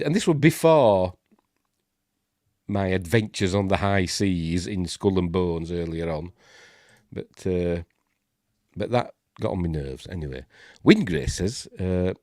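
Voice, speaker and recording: A Yorkshire man with a bunged-up, snuffly nose talks his way through a live stream in a rambling, grumbling chat. His lowish voice swoops up and down a lot, and the sound is close and dry. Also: very animated, normal speed, darkish tone, dry recording. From Yorkshire, England. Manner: chatty and grumbling, with many fillers and asides. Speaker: host of a live news stream.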